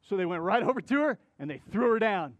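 A male pastor delivering a sermon in a conversational, animated style, retelling a story with asides to the congregation. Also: high-pitched, quick pace, muffled recording.

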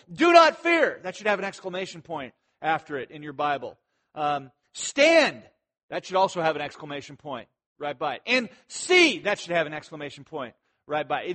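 Male preacher, high voice, animated, shouts for emphasis, conversational sermon. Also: quick pace. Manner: conversational asides with fillers. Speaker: pastor. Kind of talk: expository sermon.

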